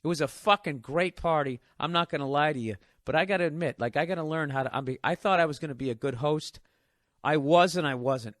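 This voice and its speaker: A man's voice: a little high, a little fast, fairly bright tone, no room sound, studio quality. Profane ranting man in his forties. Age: 40s. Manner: profane, ranting, mimics others in bits. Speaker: stand-up comedian. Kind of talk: stand-up comedy storytelling.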